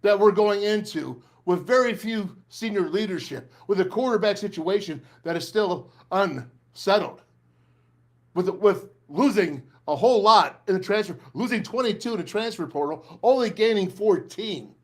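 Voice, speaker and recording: A man's voice: high-pitched, expressive, moderate pace. Fired-up man ranting. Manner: emphatic, ranting, repeats phrases for punch. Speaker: sports talk show host. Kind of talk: fired-up sports talk and live ad reads.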